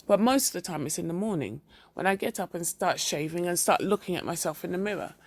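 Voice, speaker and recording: A reader doing a flat, depressed husband. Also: medium pitch, dry recording. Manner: slow flat monotone. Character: depressed middle-aged husband, flat and dull.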